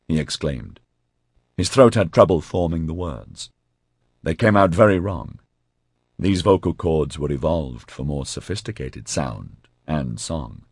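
A very deep, husky male voice narrating an audiobook, with wide, lively swings of pitch. He tells the story expressively, recorded close and dry with no room sound. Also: measured pace, dry recording.

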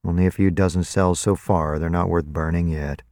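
A man voicing a gruff, chain-smoking doctor, matter-of-fact and muttering. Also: deep voice, fairly even intonation, normal speed, darkish tone, dry recording, studio quality. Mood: clinical.

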